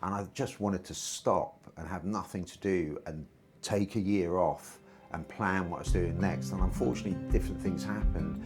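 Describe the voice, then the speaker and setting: A man's voice: low voice, normal speed. A man, a stand-up comedian being interviewed, telling long casual anecdotes and acting out bits of dialogue. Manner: relaxed, rambling anecdotal delivery with acted-out dialogue. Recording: loud guitar music behind the voice.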